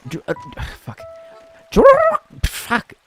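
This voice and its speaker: A man voicing a nefarious evil witch who brews in a cauldron, shrill and theatrical with rolled R's. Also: wildly swooping pitch, drawn-out words, fairly bright tone, soft background music, heavily acted. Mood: menacing.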